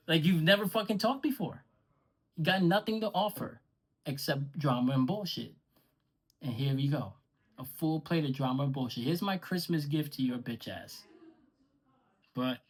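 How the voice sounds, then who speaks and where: A man's voice: medium pitch, rough recording. Man ranting angrily at a rival. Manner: heated, profane, sarcastic, addressing a rival directly. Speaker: podcaster and vlogger. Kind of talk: angry direct-to-camera rant.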